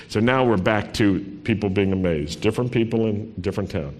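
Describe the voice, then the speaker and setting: A man's voice: lowish voice, a little fast, few pauses, a little mellow. A man preaching a sermon in a conversational style, reading scripture aloud with dramatic expression. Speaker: pastor. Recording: long reverb in a large hall.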